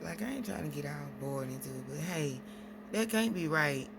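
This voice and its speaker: A woman's voice: deep voice, lively intonation, moderate pace, creaky, background noise. A woman venting at length in a casual vlog, rambling through stories with quoted exchanges. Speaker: single mom vlogger.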